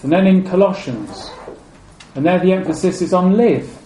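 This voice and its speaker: A man preaching a sermon. He is measured and repeats key phrases, and his voice drops low and soft at the ends of phrases. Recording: echoey room with faint ambient noise.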